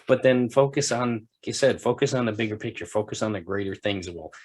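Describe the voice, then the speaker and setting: A man's voice: fairly low pitch, fast talker, darkish tone. A middle-aged man hosting a podcast in casual interview chat, encouraging and rambling with frequent restarts. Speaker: podcast host.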